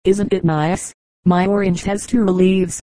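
A woman voicing a gentle, hopeful little girl in a storybook reading, pleading and soft-spoken. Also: mid-range voice, steady tone, takes it slowly, no echo, close to an everyday voice. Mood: joyful.

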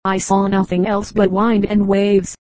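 A woman's voice: medium pitch, flat delivery, measured pace, a little mellow, no echo, natural voice. A woman reading a grieving, loyal knight. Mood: plaintive.

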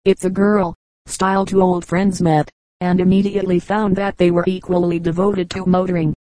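Mellow-voiced woman reading jokes aloud. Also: lowish voice, flat delivery, a little fast, no echo, rough recording. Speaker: audiobook reader. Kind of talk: scripted narration of short jokes.

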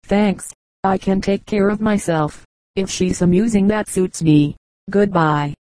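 Brief: woman reader doing an eager, curious gentleman visitor, slightly lower, dry close sound. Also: a little slow, no echo, lightly acted, low-quality recording. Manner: eager, coaxing. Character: curious amused male visitor. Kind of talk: audiobook character reading.

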